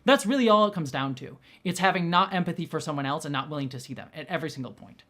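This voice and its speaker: A woman's voice: sits low, lively intonation, fast, a bit bright. A young adult woman host talking casually, rambling with many restarts and fillers. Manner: rambling, heavy use of "like", frequent restarts. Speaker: host and director. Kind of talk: casual commentary.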